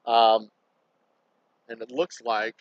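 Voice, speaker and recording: A man in a mid-range voice, talking loosely and a bit scattered as he works through a task on a livestream. He swears freely, thinks out loud and chats to viewers between jobs. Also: mid-range voice, level tone, slow, dry recording, lo-fi sound. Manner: rambling, swears freely, talks to himself while working. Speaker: distillery owner livestreaming. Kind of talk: casual livestream chatter. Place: indoors at a distillery workspace.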